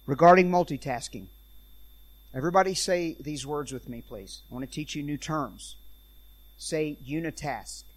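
A man preaching in a church, telling animated stories and acting out the people in them. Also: on the high side. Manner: animated storyteller, acts out quoted voices. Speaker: traveling preacher and speaker on parenting.

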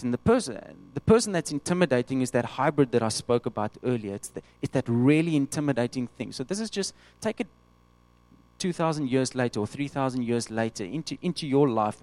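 A man preaching a sermon, animated, acting out the voices of the people he quotes. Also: mid-range voice, a little fast.

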